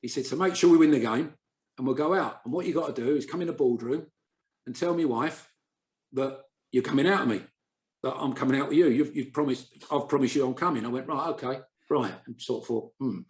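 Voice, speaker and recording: A man's voice: mid-range voice, fairly quick. A man, a former footballer, telling anecdotes in casual podcast chat and acting out the people he quotes. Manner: chatty anecdotal storyteller, acts out quoted voices. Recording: roomy echo.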